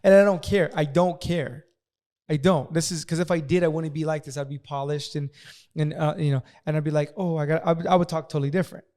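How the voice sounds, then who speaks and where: A man's voice: fairly high pitch, steady tone, brisk, mellow. A man in casual podcast conversation who talks bluntly and aggressively, cussing freely.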